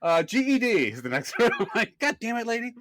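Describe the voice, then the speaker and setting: Animated, swearing man telling a story. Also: very high voice, fast talker, no room sound. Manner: animated storyteller, acts out quoted people, swears freely. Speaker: podcast co-host. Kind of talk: casual storytelling chat.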